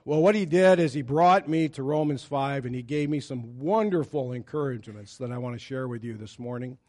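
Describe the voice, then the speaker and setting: A man's voice: medium pitch, brisk, a little mellow. A man preaching a sermon in an earnest, conversational way, stressing scripture quotes. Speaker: pastor.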